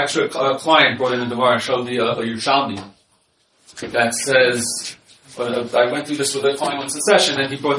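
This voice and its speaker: A man's voice: mid-range voice, a bit bright, a little hiss or hum. A man who works as a marriage counselor gives an informal lecture with slides and repeats his key points. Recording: echoey room, voice from far off.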